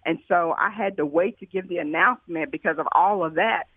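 A woman who founded a food pantry, telling her stories in an interview with excited, animated energy and lots of quoted dialogue. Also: lowish voice, a little fast, breathy edge, no room sound. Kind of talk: storytelling in an interview. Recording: tinny phone-like line, dry.

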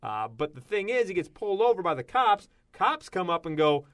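A man co-hosting a casual show, telling odd news stories with big bursts of excitement. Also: high voice, fairly quick. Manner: animated storytelling with sudden loud exclamations. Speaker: radio show co-host.

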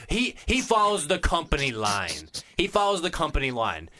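A man's voice: a little high, huge pitch swings, fairly quick, hardly any pauses, bright, forceful tone. A man hosting a sports podcast, ranting in an exasperated, mocking way.

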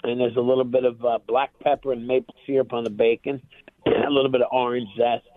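A man calling in as a chef guest, plainspoken and relaxed as he explains. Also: medium pitch, a little fast, no echo. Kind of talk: phone interview. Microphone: phone. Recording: tinny phone line.

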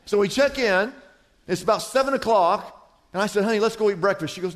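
A man preaching a sermon as pastor, telling stories with big swings between loud and soft. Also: quick pace, big-room sound. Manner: animated storytelling with wide swings in pitch and volume.

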